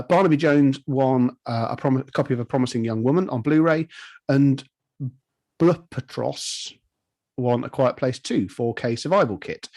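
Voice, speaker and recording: A man co-hosting a podcast, briskly reading a list of competition prizes and correcting himself as he goes. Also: medium pitch, a little mellow, slightly rough. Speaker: podcast co-host.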